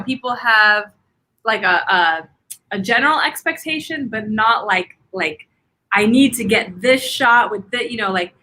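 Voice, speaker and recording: An energetic woman, a photographer guest, talking in a casual interview with many fillers and restarts. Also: on the high side.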